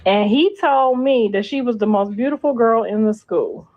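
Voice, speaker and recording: Brief: middle-aged woman, gossip stream host, sassy and cursing, higher pitch, muffled lo-fi audio. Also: expressive, normal speed. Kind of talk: casual gossip livestream.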